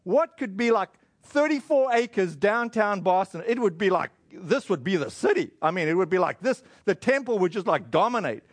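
A man, giving a casual, conversational sermon that retells a scripture story, with fillers and quick acted asides. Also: high-pitched, sing-song, no room sound. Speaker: preacher.

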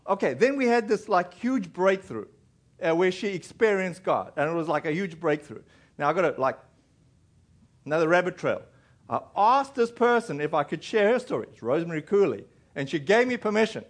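High-voiced, rambling male pastor. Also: sing-song, moderate pace. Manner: rambling storytelling with many fillers and restarts. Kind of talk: sermon. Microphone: recorded in a church.

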